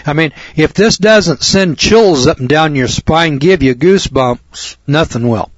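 Husky man lecturing, dull lo-fi sound. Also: a little high, animated, a little slow, no echo. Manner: emphatic, repeats key words, wry asides. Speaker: speaker addressing an audience. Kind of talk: lecture to a live audience. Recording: dull lo-fi recording.

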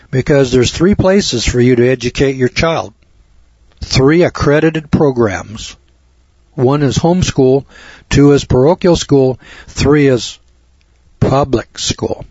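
A man's voice: mid-range voice, slow, a little mellow, no room sound. A man lecturing a live audience in an emphatic way, repeating key words and adding wry asides. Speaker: speaker addressing an audience. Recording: dull lo-fi recording.

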